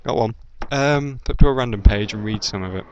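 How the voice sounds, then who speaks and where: A man's voice: medium pitch, a little fast, darkish tone. Rambling young British man, lo-fi. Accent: generic British, slight Midlands. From English Midlands. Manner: rambling, hesitant, lots of ums and self-corrections. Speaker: YouTube let's-player. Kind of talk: casual tag-video chat. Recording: dull lo-fi voice with faint game music.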